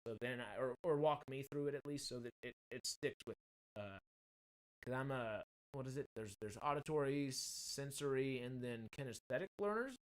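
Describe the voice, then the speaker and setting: A man's voice: mid-range voice, lively intonation, moderate pace. Male streamer, casual and rambling, desktop mic at home. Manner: rambling, self-correcting while fixing mic problems. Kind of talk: casual livestream chat. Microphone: desktop USB mic with pop filter.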